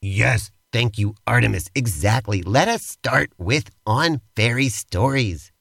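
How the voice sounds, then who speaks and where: A man's voice: mid-range voice, expressive, a little slow, vocal fry, a bit bright, no room sound. A man co-hosting a comedy podcast, narrating an improvised role-play in a playful, theatrical way.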